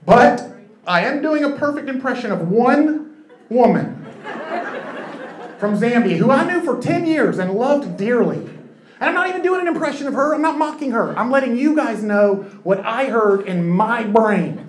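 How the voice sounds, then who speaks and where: A man performing a stand-up comedy set on a club stage, telling stories in a quick, conversational way. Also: very high voice, animated. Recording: echoey club with crowd and noise.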